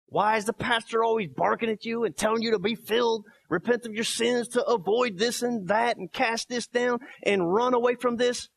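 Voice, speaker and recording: A pastor in his thirties preaching a sermon, emphatic, swinging between soft quoted lines and loud barking. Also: very high-pitched, steady tone, moderate pace, creaky, few pauses.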